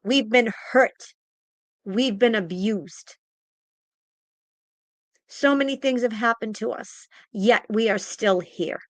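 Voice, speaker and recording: A woman's voice: mid-range voice, a bit bright, dry recording. A woman psychic giving an impassioned spiritual pep talk, emphatic and repetitive, audibly emotional and close to tears. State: tearful, emotional.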